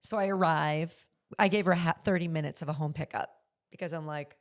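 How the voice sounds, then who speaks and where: A middle-aged woman speaking with a gravelly, fry-edged voice that sits a little low. She tells her stories candidly and animatedly, slipping into the voices of the people she quotes, in a relaxed conversational interview. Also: fairly quick. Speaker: podcast guest, luxury consignment store owner.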